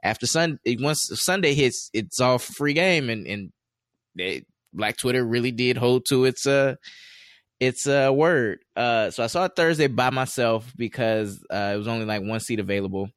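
A man's voice: mid-range voice, normal speed, no room sound, studio quality. A man co-hosting a casual chat show, talking in a loose, rambling way with many fillers and restarts. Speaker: podcast co-host.

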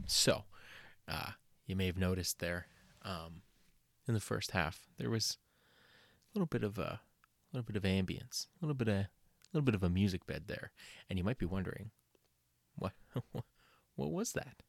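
A young man talks casually on his own podcast, rambling with plenty of fillers and self-mockery. He swears freely. His voice is lowish and the recording is close and dry. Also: expressive, normal speed, gravelly, long pauses, no echo. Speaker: podcast host.

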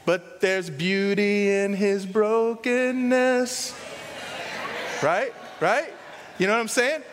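A male pastor preaching a sermon in an animated way, swinging from loud excitement to hushed emphasis. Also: high-pitched, slow pace, in a large hall, noisy background.

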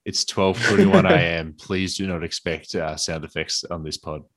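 A man's voice: low voice, wildly swooping pitch, normal speed. A man with an Australian accent hosting a casual late-night podcast chat, joking and laughing often. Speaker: podcast host.

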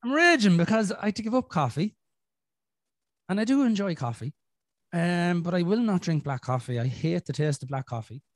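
An Irish man hosting a podcast, talking frankly and swearing, rambling with restarts and clearing his throat from a chest infection. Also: sits high, expressive, moderate pace, no room sound. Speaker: podcast host. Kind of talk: casual podcast chat.

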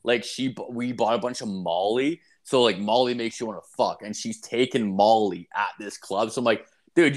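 Here a young adult Canadian man with a medium-pitched, slightly bright voice chats casually. He rambles through crude stories, swearing often and using plenty of fillers.

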